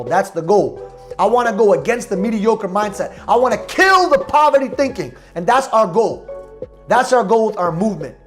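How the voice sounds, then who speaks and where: A man hosting a motivational podcast, talking in a loud, emphatic, preachy way about energy and confidence. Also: high-pitched, animated, normal speed, faint music behind. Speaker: podcast host.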